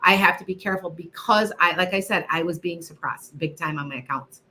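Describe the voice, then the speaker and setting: A woman's voice: lowish voice, fairly quick, bright, forceful tone, slight background noise. A middle-aged woman hosting a live psychic question session, talking emphatically and repeating herself, with chatty asides to viewers. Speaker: psychic livestream host answering viewer questions. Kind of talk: casual live-stream chat.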